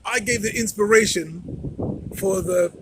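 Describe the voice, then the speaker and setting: A man's voice: high-pitched, slow pace, noisy background. A man talking straight to camera in a commentary vlog, emphatic and repeating phrases for stress. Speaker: vlogger.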